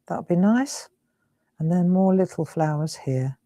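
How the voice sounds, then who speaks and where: A woman's voice: fairly low pitch, expressive, a little slow, warm tone, dry recording, studio quality. A middle-aged woman hosting a live crafting stream, chatting and giggling as she works. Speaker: crafting host.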